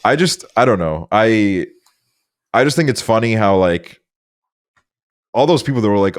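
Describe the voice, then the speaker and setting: A man's voice: lowish voice, expressive, normal speed. A young man from Estonia, a podcast host chatting casually, rambling with lots of filler words and swearing. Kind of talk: casual chat.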